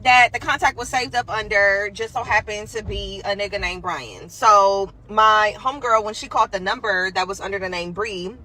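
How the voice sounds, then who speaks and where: A woman's voice: mid-range voice, normal speed, hardly any pauses, sharp tone, poor audio. A woman telling a gossip story in a blunt, profane way, acting out what people said. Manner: blunt, profane, retells dialogue in voices. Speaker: storyteller in a played clip. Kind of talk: casual storytime. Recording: outdoor clip with traffic noise.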